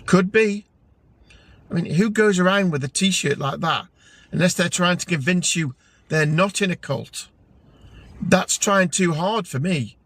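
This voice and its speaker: A man's voice: sits high, measured pace, pauses often, a bit bright, dry recording, exaggerated voice. A man voicing a suspicious, theatrical male pub regular who speaks knowingly. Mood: scheming.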